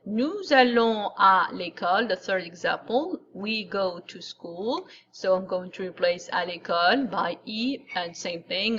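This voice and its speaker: A woman's voice: mid-range voice, a bit bright. A woman teaching French grammar in a recorded lesson, patiently explaining step by step and repeating each example. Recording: dull lo-fi recording with faint noise.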